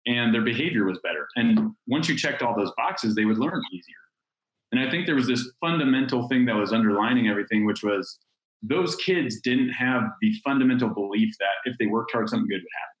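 A man's voice: medium pitch, expressive, fairly quick. A man in his thirties, a startup founder, telling his story in candid, rambling casual talk with some swearing. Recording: roomy echo.

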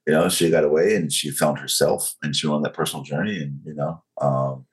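Appearing as an interview guest, a North Carolina man in his forties tells his story in a Southern accent, slow, controlled and frank. His voice is very deep with fairly even intonation, and the recording is rough.

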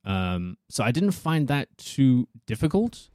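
A man's voice: medium pitch, big pitch swings, slow, a little mellow, no room sound, studio quality. A young man from South Africa, an actor, talking casually and rambling as an interview guest. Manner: rambling, thinks aloud.

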